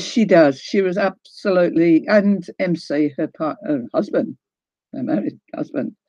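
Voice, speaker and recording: Older New Zealand-accented woman, warm mellow tone, chatty livestream host, dull lo-fi audio. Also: low-pitched, gravelly, no echo. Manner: chatty, greets viewers by name, laughs often. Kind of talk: casual livestream chat.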